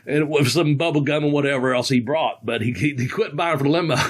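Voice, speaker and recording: His voice sits on the high side with a breathy edge, and he talks fairly quickly: a sixty-something podcast host spinning rambling, folksy stories casually, with plenty of chuckles.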